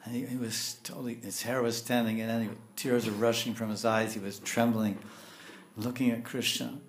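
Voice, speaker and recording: An older man giving a storytelling sermon as a spiritual teacher, animated, chuckling often and acting out the characters' voices. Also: mid-range voice, normal speed, a little hiss or hum.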